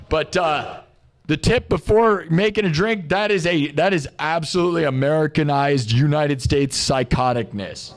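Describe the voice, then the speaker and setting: A man ranting casually to his live-stream audience, joking around and acting out quick little exchanges in other voices. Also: high voice. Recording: music playing behind the voice.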